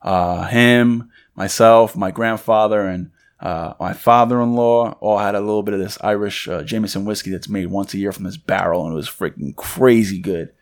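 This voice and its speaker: A young man co-hosting a podcast, telling a story in a loose, animated way and acting out the voices of the people in it. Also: lowish voice, moderate pace. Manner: loose and conversational, many fillers. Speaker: podcast co-host. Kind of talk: casual storytelling chat.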